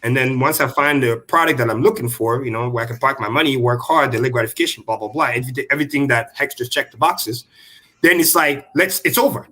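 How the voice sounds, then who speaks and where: A man in casual chat on a stream, telling his story in an excitable, profane way. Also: mid-range voice, fast talker.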